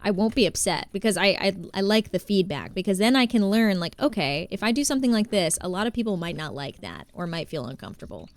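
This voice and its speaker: A woman's voice: medium pitch, sing-song, fast talker, few pauses, no room sound. A woman from New Jersey with a New Jersey accent, chatting casually with viewers while she plays a game on a live stream. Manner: chatty, reads chat aloud and greets viewers.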